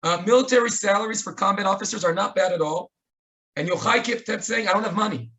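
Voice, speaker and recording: Bright, high-voiced Israeli man telling stories. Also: brisk. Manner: earnest, telling stories with quoted dialogue. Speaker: speaker at a remembrance webinar. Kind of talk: storytelling tribute. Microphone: webinar microphone.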